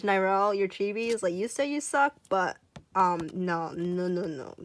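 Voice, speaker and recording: Gushing, excitable young woman vlogger. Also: medium pitch, unhurried, slight background noise. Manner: gushing, excitable, many exclamations. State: voice getting hoarse. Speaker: YouTuber. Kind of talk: casual unboxing vlog.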